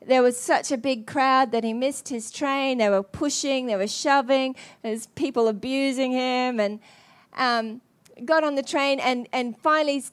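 A woman's voice: sits high, clear, resonant tone. Earnest woman preacher telling a story. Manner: earnest, halting, many restarts. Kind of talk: sermon storytelling.

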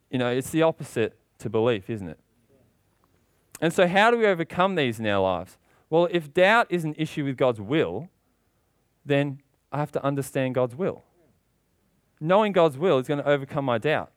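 A man's voice: big pitch swings, normal speed, no room sound. A man preaching a sermon with passion, asking rhetorical questions and getting worked up as he goes. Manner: impassioned, rising in pitch when worked up.

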